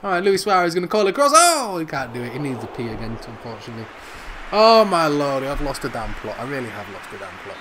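A man hosting a football video game playthrough, joking around and commentating excitedly, bursting into shouts at goals. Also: a little high, fast talker, a little hiss or hum. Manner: jokey, excitable, yells at goals. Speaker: gaming channel host.

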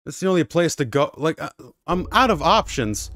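A man's voice: on the high side, very animated, moderate pace, noisy background. Sarcastic man playing a game. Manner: sarcastic, swears freely. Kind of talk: let's play commentary. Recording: game music behind.

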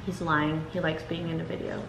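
A woman's voice: low-pitched, flat delivery, brisk, fairly bright tone, echoey room, slight background noise, rough recording. A woman hosting a casual eating video at home, teasing her family and laughing while she eats. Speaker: vlogger and host. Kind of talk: casual mukbang chat. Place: family home during a meal.

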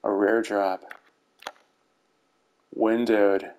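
Slow, low-voiced dad cracking dry jokes. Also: male voice, level tone, darkish tone, clear, resonant tone, rough recording. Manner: dry dad-joke humor, unhurried. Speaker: YouTuber reviewing game rewards. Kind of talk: casual commentary over gameplay footage. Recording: faint background music.

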